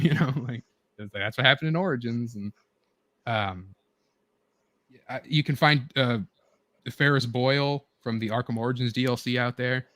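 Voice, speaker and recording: A man's voice: medium pitch, moderate pace, fairly bright tone, dry recording. Rambling enthusiastic man, dry close sound. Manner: rambling, filler-heavy, eager retelling. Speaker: show host. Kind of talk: casual chat with friends.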